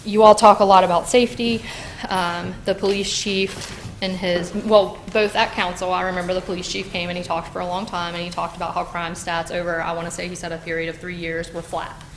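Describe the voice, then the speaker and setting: A woman's voice: fairly low pitch, little pitch movement, fairly quick, slight background noise. A woman giving heated public comment at a city council meeting, with many fillers and restarts as she addresses the council directly. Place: council chamber.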